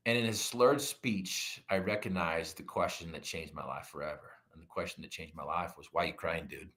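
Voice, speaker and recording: A middle-aged man tells a personal story as a podcast guest, bright and forceful in tone. His pitch sits somewhat low. He acts out his own quoted lines with lively animation. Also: normal speed.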